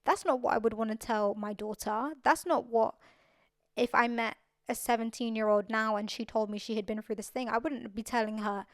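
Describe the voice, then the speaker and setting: A woman's voice: fairly high pitch, steady tone, normal speed, no room sound, studio quality. A young adult woman hosting her own podcast, talking earnestly and repeating phrases for emphasis. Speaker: podcast host. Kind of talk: casual solo podcast talk.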